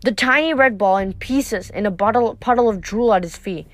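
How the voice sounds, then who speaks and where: A woman's voice: medium pitch, moderate pace, no room sound. A woman reading a novel aloud, sometimes stumbling and restarting a word. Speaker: reader.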